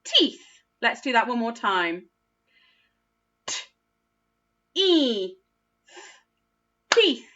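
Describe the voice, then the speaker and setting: Bright-voiced teacher, sing-song. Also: female voice, a little high, muffled recording. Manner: encouraging, sing-song, stretches out sounds and praises often. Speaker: primary school teacher. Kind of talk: phonics lesson for young children.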